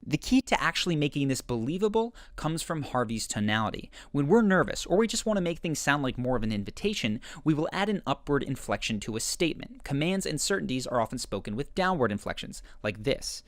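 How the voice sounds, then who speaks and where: A man narrating a scripted video essay in a measured, explanatory way. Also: medium pitch, very animated, dry recording, studio quality. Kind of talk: scripted narration analyzing show clips.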